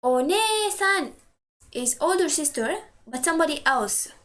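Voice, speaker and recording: A woman teaching a language lesson, patiently saying each word twice and slowly for practice. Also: high-pitched, expressive, a bit bright.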